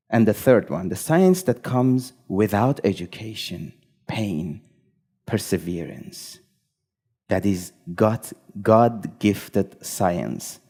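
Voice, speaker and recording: A man telling a story at a live event, speaking in measured, short phrases. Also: on the low side, warm tone.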